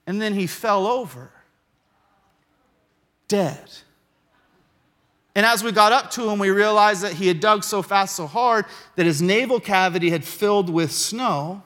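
A male pastor telling a story in his sermon, animated and building to shouted emphasis. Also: sits high, normal speed, in a large hall.

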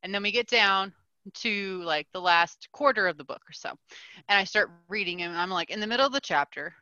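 A woman co-hosting a podcast, telling a story in an animated, swearing rant full of "like". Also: medium pitch, a little fast, no room sound, lo-fi sound. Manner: animated ranting with lots of "like" and swearing. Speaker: podcast co-host. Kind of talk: casual chat, storytelling.

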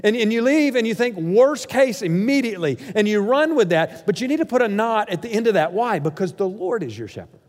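A man preaching a sermon as pastor, emphatic and swinging from loud declarations to hushed lines. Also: high-pitched, sing-song, quick pace, hardly any pauses. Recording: hall reverb.

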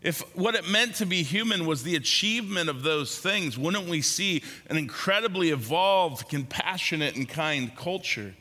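A man preaching a sermon as a pastor, speaking in slow, pausing phrases that trail off softly at the ends. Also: on the high side, expressive, in a large hall.

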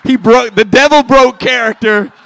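A middle-aged man preaching a sermon as a pastor, swinging between loud fervent passages and quiet hushed ones. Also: extremely high pitch, normal speed, creaky.

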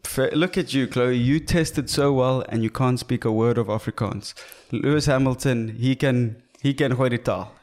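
A man's voice: mid-range voice, moderate pace, few pauses, darkish tone. A young man co-hosting a podcast in casual chat, joking and swearing freely. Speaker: podcast co-host.

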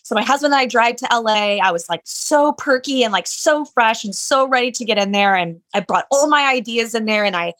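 A woman's voice: fairly high pitch, expressive, a little fast, hardly any pauses, fairly bright tone. Chatty woman full of "like" fillers. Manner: chatty, frequent "like" fillers, candid. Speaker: handbag designer, business owner. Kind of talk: casual storytelling interview.

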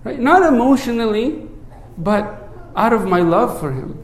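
A male priest gives a conversational sermon a little slowly, with big pitch swings, frequently asking "right?" and repeating words as he restarts phrases. He drops low and soft to recite the prayer, and the roomy recording has a little hiss or hum.

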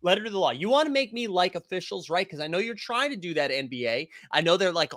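A young adult man hosting a casual basketball live stream, talking loud and animated and answering the chat. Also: high voice, fast talker, few pauses, dry recording, studio quality. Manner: loud, animated, yells often; reads and answers chat comments.

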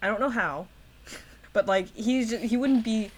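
A woman's voice: fairly high pitch, normal speed. A woman co-hosting a casual chat, laughing often and restarting her sentences as she thinks.

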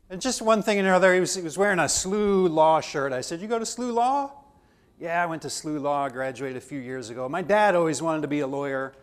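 A man teaching a theology class, talking conversationally and acting out dialogue from his own stories. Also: fairly high pitch. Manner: conversational, acts out dialogue in anecdotes. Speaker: theology lecturer.

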